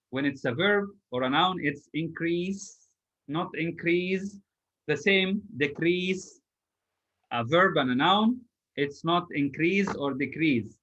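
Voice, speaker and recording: A male teacher on a video call runs an English lesson. His voice sits slightly high and sounds bright and forceful. He is patient, spells words out letter by letter, and fills pauses with hesitations. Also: highs cut off. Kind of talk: online class drilling exam word formation.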